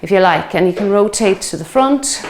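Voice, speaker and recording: A woman's voice: medium pitch, lively intonation, moderate pace, a little hiss or hum. A woman in her fifties leading a workout, chatty and encouraging, counting reps aloud while out of breath from exercising along. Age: 50s. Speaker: fitness instructor. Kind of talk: guided workout instruction.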